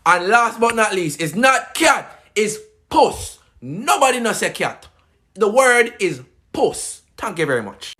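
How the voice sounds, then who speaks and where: A man's voice: high-pitched, sing-song, a little slow, pushed and bright. A Jamaican man doing a playful, emphatic accent challenge, scolding others. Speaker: tiktok creator.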